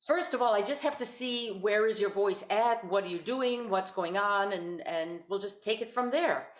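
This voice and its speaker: A woman's voice: medium pitch, moderate pace, echoey room. A woman teaching an online voice lesson, patient and encouraging, demonstrating vocal exercises over a video call.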